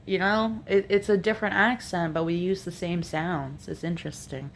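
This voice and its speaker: A woman's voice: fairly low pitch, fairly even intonation, moderate pace, hardly any pauses, a little hiss or hum. A young woman with a light Appalachian accent, chatting casually and matter-of-factly in a home vlog, thinking aloud as she goes. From New Jersey, raised in North Carolina and Virginia. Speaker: makeup vlogger. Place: home room.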